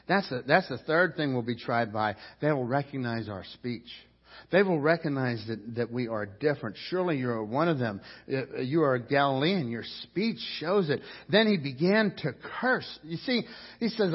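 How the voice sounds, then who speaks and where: A man preaching a sermon as pastor, animated, acting out quotes and asides. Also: on the high side, moderate pace, breathy edge. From Pittsburgh. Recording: dull recording in a reverberant hall.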